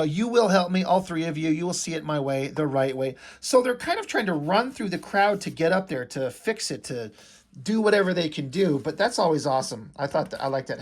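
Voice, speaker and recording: Husky guy geeking out over a comic, swears a lot, reads the lines out loud. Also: a little high. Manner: enthusiastic, swears freely, reads dialogue aloud. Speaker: comic book reviewer. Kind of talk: casual comic read-through commentary.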